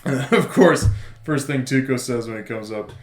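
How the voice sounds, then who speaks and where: A man co-hosting a podcast, recapping a TV series in loose casual chat full of fillers and quick laughs. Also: mid-range voice. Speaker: podcast co-host. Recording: roomy echo.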